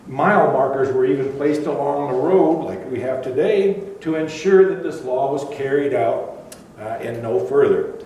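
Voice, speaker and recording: A man's voice: medium pitch, moderate pace, mellow, dull audio, a little hiss or hum. An older man preaching a sermon in a conversational storytelling way, with asides and fillers. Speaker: pastor. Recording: echoey room, far from mic.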